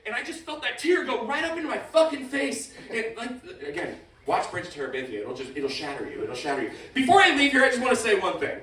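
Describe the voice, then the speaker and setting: A young man doing a stand-up set, rambling and interrupting himself, swinging from mumbles to shouts. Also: extremely high pitch, big pitch swings, fast talker, few pauses, echoey room, recorded from a distance, poor audio. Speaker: stand-up comedian. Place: comedy venue with live audience.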